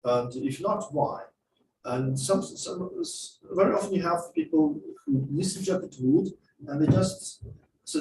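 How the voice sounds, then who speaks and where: A man's voice: a little high, a little slow, echoey room, recorded from a distance, background noise. A man giving a masterclass on speaking skills, explaining and acting out examples to a class. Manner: lively, explanatory, acts out examples. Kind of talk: masterclass lecture. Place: classroom or lecture hall.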